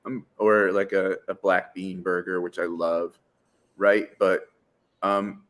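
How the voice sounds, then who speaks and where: Low-voiced man rambling in casual chat. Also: level tone, takes it slowly, a bit bright. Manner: rambling, full of fillers and "right?" tags. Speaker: podcast co-host.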